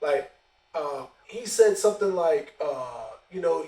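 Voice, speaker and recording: A man hosting a casual storytelling podcast, animated and profane in a conversational way. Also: fairly high pitch, takes it slowly. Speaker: podcast host. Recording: roomy echo, distant mic.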